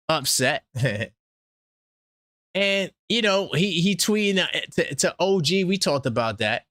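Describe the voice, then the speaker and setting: New guy ranting on his fan stream, pitch all over the place, dry close sound. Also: no room sound. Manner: animated, trash-talking, swings between loud outbursts and low asides. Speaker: sports channel host. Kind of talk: casual fan commentary stream.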